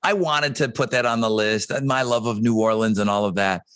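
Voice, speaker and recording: A man co-hosting a podcast, chatting casually about movies in an opinionated, animated way, swearing for emphasis. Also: fairly low pitch, brisk, clear, resonant tone. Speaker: podcast co-host.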